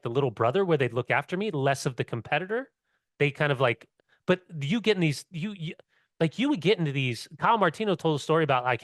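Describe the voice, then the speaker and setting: A man's voice: medium pitch, fairly bright tone, no echo. Middle-aged guy rambling about soccer, lots of likes and cussing, dry close sound. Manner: rambling, storytelling, heavy on "like" and swearing. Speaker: soccer podcast co-host and former player. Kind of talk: casual sports chat.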